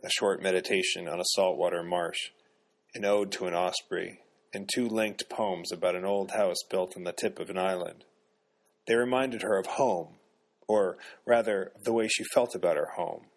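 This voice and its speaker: A man narrating a novel in measured, even storytelling. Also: sits low. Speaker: audiobook narrator. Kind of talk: scripted narration.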